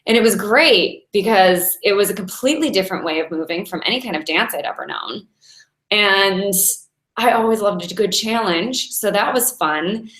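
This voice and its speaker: A woman's voice: medium pitch, moderate pace, fairly bright tone. A woman in her forties, a Taoist meditation teacher, giving a casual inspirational talk in a chatty way and laughing often as she tells stories. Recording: roomy echo.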